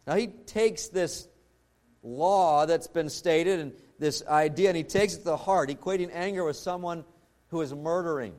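A pastor preaching a sermon in an earnest way, slowing down and dropping low to stress his points. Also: a little mellow. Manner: earnest preaching, slows and drops low for emphasis.

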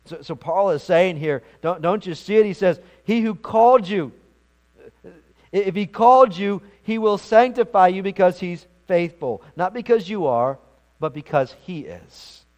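Earnest higher-voiced male preacher. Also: a little slow, a little mellow. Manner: earnest preaching with frequent word repeats. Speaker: pastor. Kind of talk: sermon.

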